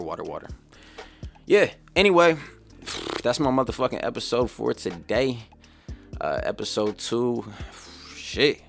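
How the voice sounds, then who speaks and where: A young man with a low, gravelly voice rambles through a story on his podcast, swearing freely and dropping slang as he goes. A faint beat plays quietly under his talk. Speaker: podcast host. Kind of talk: casual storytelling monologue. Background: faint background beat.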